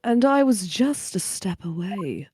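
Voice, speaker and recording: A woman's voice: mid-range voice, very animated, measured pace, darkish tone, a little hiss or hum. A woman voicing a cold, ambitious villain judge.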